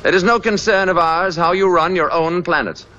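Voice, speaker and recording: Commanding alien envoy, 1950s film style, transatlantic accent, bright tone, dull old soundtrack. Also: male voice, sits high, normal speed. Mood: stern. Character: stern alien envoy man, grave and commanding.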